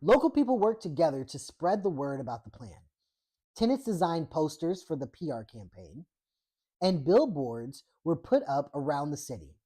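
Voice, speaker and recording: A woman's voice: low-pitched, sing-song, moderate pace, mellow, husky. A woman hosting a book reading, breaking off often for sarcastic, profane political commentary. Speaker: host reading a book aloud.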